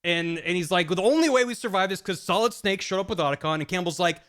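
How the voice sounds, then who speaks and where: A man hosting a stream, casually recapping a story with friends, acting out the characters' lines in quick paraphrase and rambling through fillers and restarts. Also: high voice, a bit bright. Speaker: streamer host.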